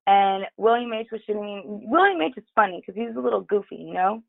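Woman guest, gravelly voice, dry tinny phone-quality line, profane, candid casual storyteller. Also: medium pitch, fast talker, dry recording. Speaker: podcast guest. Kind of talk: casual chat.

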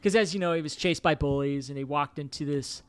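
A man with a high-pitched voice talks in casual podcast chat and acts out lines from the scenes he describes. The recording is dry and close, with no room sound. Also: fairly quick, smooth, dry recording. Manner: animated, acts out quotes from the film. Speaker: podcast co-host.

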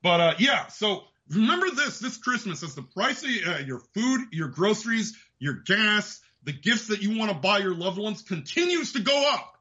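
A man's voice: high voice, big pitch swings, moderate pace, few pauses, bright, forceful tone, muffled recording. A man hosting a show, delivering an angry, profane political rant. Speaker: host. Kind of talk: ranting political commentary.

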